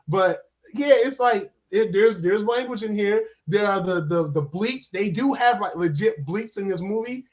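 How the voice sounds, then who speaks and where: A man giving a casual, rambling movie review, excitable and full of fillers and repeated words. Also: sits high, normal speed. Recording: dull lo-fi sound.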